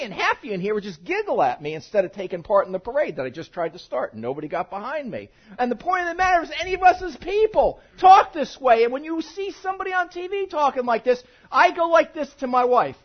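A man preaches a sermon in a church, chatty and animated, working humor in among the teaching. His husky voice swings widely up and down as he builds to loud points and drops back low. The recording is dull and lo-fi. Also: fairly quick, hardly any pauses. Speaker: pastor. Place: church sanctuary.

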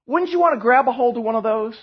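A man preaching a sermon as pastor, animated and joking, telling stories to his church. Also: extremely high pitch, fast, slightly rough, dull audio. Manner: animated, joking storyteller who drops to a hushed tone in prayer.

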